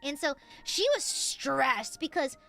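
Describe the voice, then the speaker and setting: A woman streamer telling a story in a casual chat, animated and swearing freely. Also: high voice, slow, creaky, soft background music. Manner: animated, acts out the voices in her stories; swears casually, lots of fillers.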